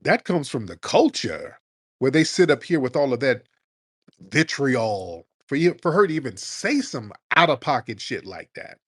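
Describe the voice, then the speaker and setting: A man's voice: mid-range voice, big pitch swings, moderate pace, fairly bright tone, husky, no room sound. A man hosting a live call-in show, giving blunt, combative political commentary in slangy speech. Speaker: host.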